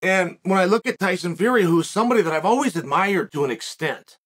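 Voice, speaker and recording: A man's voice: high voice, expressive, a little fast, fairly bright tone, slightly rough. A middle-aged man hosting a podcast, delivering a reflective commentary monologue full of rhetorical questions and restarts. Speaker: podcast host.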